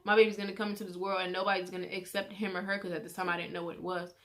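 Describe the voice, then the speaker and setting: A woman's voice: medium pitch, very fast. Chatty teenage girl telling a story. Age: teens. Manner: chatty, animated retelling with quoted voices. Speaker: vlogger. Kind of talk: personal storytime vlog.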